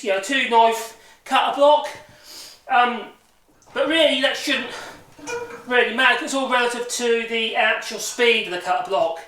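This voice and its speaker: A man's voice: extremely high pitch, far from the mic. Man, casual workshop vlog, chatty, self-correcting, echoey room, noisy background. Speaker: hobby woodworker showing a machine. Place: home workshop.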